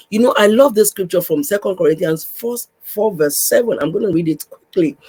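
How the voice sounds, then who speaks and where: Husky-voiced woman preaching encouragement. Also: lowish voice, rough recording. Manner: repetitive, exhorting, addresses listener warmly. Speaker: podcast host, pastor's wife. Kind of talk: faith podcast teaching.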